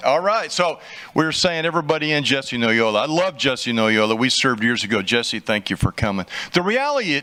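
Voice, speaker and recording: Bright-voiced man joking through a council speech. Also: fairly high pitch. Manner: joking, rambling, self-deprecating. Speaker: city council member. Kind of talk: informal speech at a council swearing-in. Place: city council chamber.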